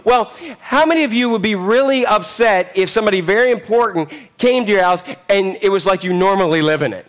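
A man's voice: high-pitched, a little fast, hardly any pauses. A man preaching a sermon, telling a story animatedly and acting out the characters. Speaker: pastor.

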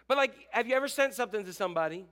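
A middle-aged male pastor preaching a sermon, animated and joking with the congregation, acting out quotes. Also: high-pitched, rapid-fire.

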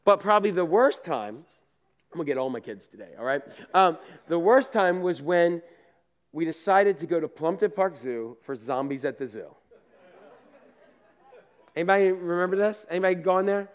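High-voiced pastor telling animated stories. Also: male voice, moderate pace. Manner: animated storyteller, acts out scenes and laughs at himself; casual asides to the congregation. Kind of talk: sermon with personal stories.

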